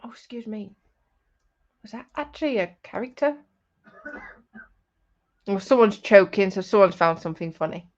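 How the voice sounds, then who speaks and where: Her mid-range voice is expressive and a bit mellow, moving at normal speed with frequent pauses. On her laid-back crafting livestream, with its dull lo-fi sound, she teases her partner, reads the chat and laughs often.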